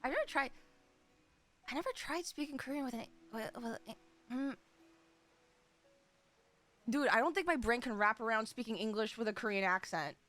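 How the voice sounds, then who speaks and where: An American woman streamer chatting casually, giggly and excitable. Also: a little high, moderate pace, pauses often. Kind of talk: casual live-stream chat.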